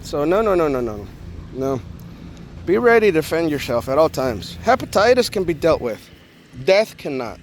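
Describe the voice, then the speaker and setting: A man vlogging, telling a personal story in a joking, animated way and acting out the people in it. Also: on the high side, normal speed, slight background noise. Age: adult with a young daughter. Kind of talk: casual storytelling to camera.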